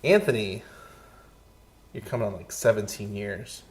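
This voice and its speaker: A man co-hosting a podcast, speaking in a reflective, measured way. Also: fairly low pitch. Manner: reflective and measured, with frequent restarts. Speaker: podcast co-host. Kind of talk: casual podcast conversation.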